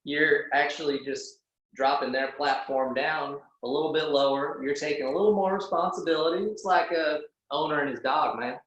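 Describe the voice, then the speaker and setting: A man's voice: on the high side, normal speed, a bit bright, dull audio. Blunt, cursing man in an echoey room. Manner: blunt and profane, peppered with "like". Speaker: podcast guest. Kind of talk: casual conversational interview.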